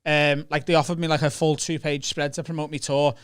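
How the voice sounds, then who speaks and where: Scouse man, comic host, bright and clear, high-pitched, sweary and animated in chat. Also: fairly quick. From Liverpool, England. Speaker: comedian and podcast host. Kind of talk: casual chat.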